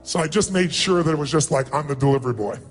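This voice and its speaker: A man's voice: fairly high pitch, fast talker, faint music behind. A man telling a personal story as a motivational speaker, emotional and emphatic, acting out quotes.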